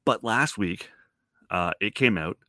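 Deep-voiced, wry Canadian podcast host. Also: male voice, lively intonation, unhurried, pushed and bright, no echo, clean studio sound. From Toronto, Canada. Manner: wry, rambling, self-deprecating, swears casually. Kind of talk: casual opinion monologue.

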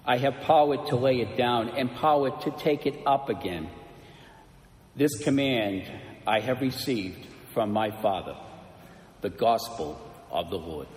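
A man preaching as a priest, telling a story in a slow, measured way before turning it into a lesson for his congregation. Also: mid-range voice. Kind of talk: sermon. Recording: echoey church with long reverb.

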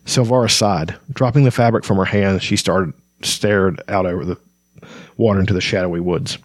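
There's no echo as a man with a low voice reads a fantasy novel at a normal pace. In this laid-back reading with commentary, he trips over words and recaps between passages, using many ums and uhs.

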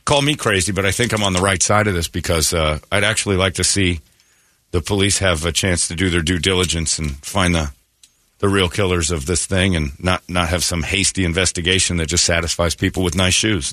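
A man's voice: sits low, steady tone, fairly quick, sharp tone, no room sound, some chatter behind. A man hosting a radio morning show, ranting sarcastically in a talk radio monologue.

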